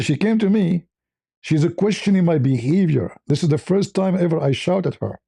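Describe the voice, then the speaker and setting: Gravelly, husky man telling a story. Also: lively intonation, fairly quick, mellow, dry recording. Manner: rambling, many restarts and fillers, squeaky voices when quoting. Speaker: host. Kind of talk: casual storytelling to an audience.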